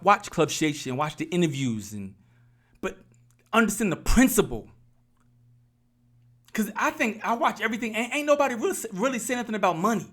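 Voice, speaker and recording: This YouTube commentator has a fairly high, somewhat bright voice. He delivers impassioned motivational vlog talk in a preachy style, repeating his phrases for emphasis.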